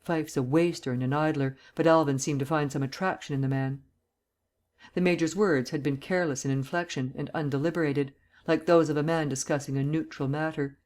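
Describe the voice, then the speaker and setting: A man narrating an audiobook in a steady, measured reading voice. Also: fairly high pitch. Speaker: audiobook reader.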